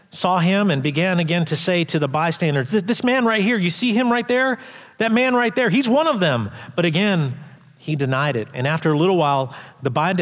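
A man preaching a sermon as pastor, animated, acting out quoted voices loudly and dropping to quiet asides. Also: fairly high pitch. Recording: long hall reverb.

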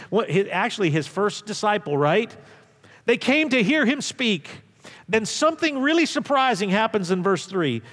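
Animated preacher in a reverberant hall. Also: male voice, high-pitched. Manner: storytelling, swings from loud emphatic to hushed. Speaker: pastor. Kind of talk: sermon.

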